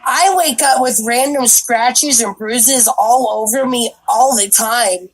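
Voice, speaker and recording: A woman's voice: a little high, takes it slowly, hardly any pauses, slightly rough, rough recording. A woman guest talking bluntly in casual chat, swearing freely.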